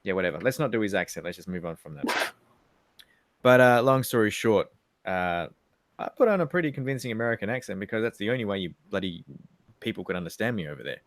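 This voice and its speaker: A man in his thirties with an Australian accent, co-hosting a casual livestream chat and telling animated, profane, rambling stories. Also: on the low side, fast. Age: 30s. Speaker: livestream co-host.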